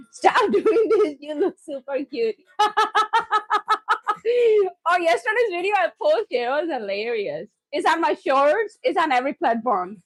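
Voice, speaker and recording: A woman hosting a live cooking stream from her home kitchen, excitable and loud, often laughing at herself as she chats with viewers. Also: sits high, normal speed, no echo.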